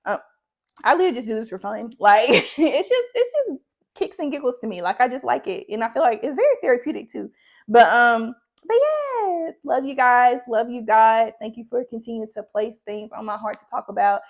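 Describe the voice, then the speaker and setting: A woman's voice: on the high side, animated, moderate pace. A young woman chatting casually in a faith vlog, rambling, saying "like" often and laughing between thoughts. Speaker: faith vlogger.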